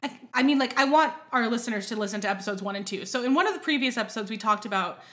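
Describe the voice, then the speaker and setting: A woman co-hosting a casual podcast about films. She talks in a chatty, meandering way with lots of fillers, and her voice sits fairly high. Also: expressive, very fast, bright, forceful tone. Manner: chatty, hedging, frequent fillers and laughs. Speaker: podcast co-host. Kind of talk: casual film discussion.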